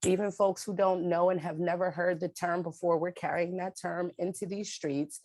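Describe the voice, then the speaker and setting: Low-voiced New woman, emphatic. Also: fairly even intonation, moderate pace, a little mellow, no echo. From New York City. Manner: direct, emphatic storytelling. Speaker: advocate and panelist. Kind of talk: spoken-word poem, then personal testimony. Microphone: remote video call mic.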